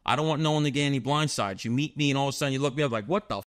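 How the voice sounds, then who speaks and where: A middle-aged man with a New York accent, telling stories as an interview guest, animated and swearing often. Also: mid-range voice, rapid-fire. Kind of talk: casual storytelling.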